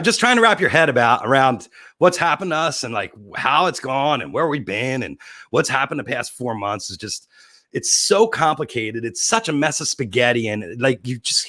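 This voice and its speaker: A man's voice: medium pitch, a bit bright, dry recording. A middle-aged man hosting his own livestream show, talking in a rambling, heartfelt and openly emotional way. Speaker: host.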